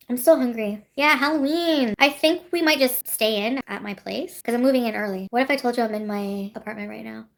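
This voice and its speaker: A woman from Canada, streaming and chatting casually, blunt and swearing freely as she tells stories with laughs. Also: mid-range voice. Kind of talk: casual livestream chat.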